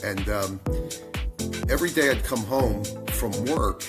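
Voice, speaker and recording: A man's voice: lowish voice, a little slow, over loud music. A man who founded a company, telling a long story as a podcast guest and acting out the people he quotes. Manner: animated storyteller, acts out quoted dialogue.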